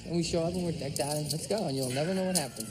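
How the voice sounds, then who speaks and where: A man's voice: on the high side, very fast, heavy background noise. A man in a band, telling brash stories with laughter in a documentary interview. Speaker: band member.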